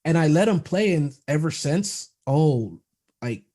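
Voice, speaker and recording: Young male podcast guest, mellow and slightly high voice, enthusiastic and quick to laugh. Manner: enthusiastic storyteller, laughs a lot, animated quoting of others. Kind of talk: casual interview chat.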